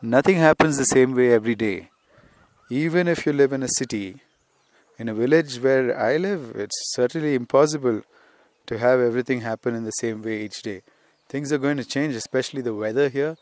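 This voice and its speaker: The recording is dry, capturing a medium-pitched, somewhat mellow male voice. He's a spiritual teacher and podcast host giving an improvised hillside lesson outdoors, chatty and meandering, often saying "you see."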